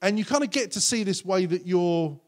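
A man preaching a sermon as pastor, earnest and conversational, often acting out quotes in lively voices. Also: high voice, normal speed.

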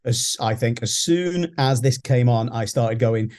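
Mellow-voiced British man chatting about music. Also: medium pitch, unhurried. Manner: rambling, restarts, sings snippets. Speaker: music podcast co-host. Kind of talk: casual chat.

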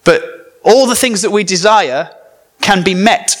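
In an unhurried, high voice with a fairly bright tone, a northern English man preaches conversationally and with jokes. He weaves in comic stories and turns to the congregation with asides.

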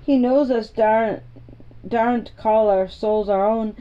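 A woman's voice: a little high, fairly even intonation, unhurried, clear, resonant tone, dull audio, close to an everyday voice. Woman doing a fretful housemaid girl. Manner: dialect speech, fretful exclamations. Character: anxious young housemaid girl, fretful and excitable. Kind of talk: storybook reading.

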